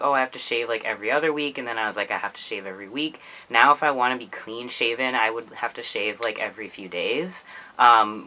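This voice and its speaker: Chatty man with a bright voice. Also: mid-range voice, poor audio. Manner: chatty, heavy use of "like", laughs often. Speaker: vlogger. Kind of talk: casual vlog chat to camera.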